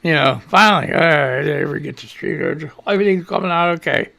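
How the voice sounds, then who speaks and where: A man hosting a live radio show, out of breath, talking loud and rambling with profane asides. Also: a little high, quick pace, creaky.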